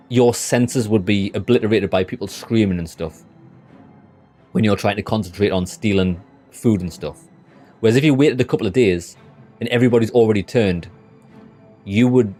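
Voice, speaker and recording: A man's voice: on the low side, dark tone. A young British man chatting casually and bluntly with his live chat while streaming a game, rambling and swearing freely. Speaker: gaming livestreamer.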